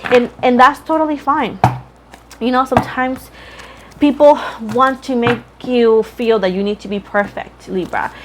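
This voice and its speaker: A woman's voice: a little high, unhurried, background noise. A woman giving a casual tarot reading to camera, chatty and frank, talking straight to her viewers. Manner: chatty, frank, addresses viewers as boo and Libra. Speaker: tarot reader.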